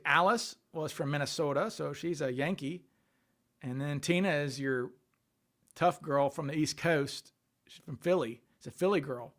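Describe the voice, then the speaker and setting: A man's voice: fairly high pitch, a bit bright. A man hosting a casual livestream, thinking aloud and answering questions from viewer chat. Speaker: livestream host.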